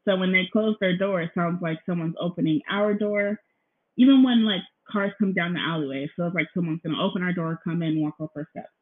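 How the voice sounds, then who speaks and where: A woman's voice: lowish voice, a little fast. A young woman hosting her own podcast from her apartment, chatting casually and rambling with lots of ums, often apologizing and saying "you guys," a little nervous. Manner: nervous, feels out of breath. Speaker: podcast host. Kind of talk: casual solo podcast chat. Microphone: laptop recording, headphones in. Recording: tinny phone-like laptop recording.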